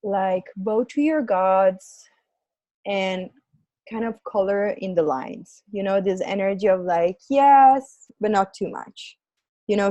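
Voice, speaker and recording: A woman's voice: medium pitch, dark tone, no room sound, muffled recording. A woman talking in a loose, rambling conversational way, full of filler words, as a podcast co-host. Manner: rambling, heavy use of "like" fillers. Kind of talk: casual conversation.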